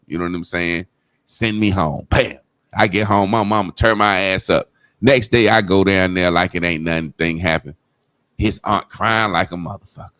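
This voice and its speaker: A man's voice: fairly low pitch, moderate pace, a bit bright, no echo. A man telling a childhood story in casual, profane talk, acting out the people he quotes. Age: adult.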